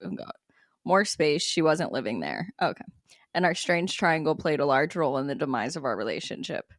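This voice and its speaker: A woman's voice: low-pitched, fairly quick, dry recording, clean studio sound. A young woman co-hosting a podcast in casual chat, laughing often while reading listener stories. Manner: laughs often, lively, animated. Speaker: podcast co-host.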